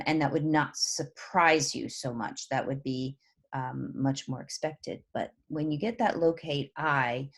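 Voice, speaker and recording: A woman professor lecturing on a poem, explaining step by step with frequent "um"s and a checking "right?". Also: sits low.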